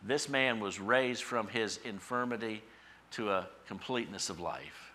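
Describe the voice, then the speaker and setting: A man preaching to his congregation in a bright, forceful voice. He swings between loud, emphatic declarations and quiet, intimate asides. His delivery is warm with conviction, the rhythm of a practiced sermon. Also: fairly low pitch, unhurried. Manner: impassioned, rising to emphatic peaks then dropping soft. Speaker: pastor. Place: church.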